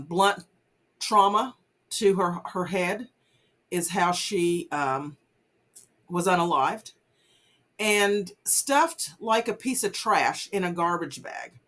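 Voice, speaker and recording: A woman's voice: on the low side, slow pace, pauses often, fairly bright tone. A woman vlogger giving casual commentary on a news case, earnest and full of fillers like "you know". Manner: earnest, many fillers, urges listeners not to judge. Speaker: vlogger host.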